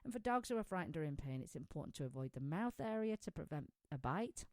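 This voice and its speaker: Woman pet show host, low voice, dry close sound, chatty and prone to tangents. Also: animated, fast talker, a little mellow, dry recording. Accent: non-American, says it is her own. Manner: chatty, laughs often, wanders off topic. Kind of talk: casual chat.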